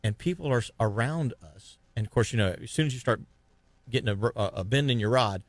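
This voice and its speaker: A man hosting a fishing podcast, telling a lively fishing story in casual chat and acting out the other anglers' lines. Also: medium pitch, fast, no room sound. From Florida.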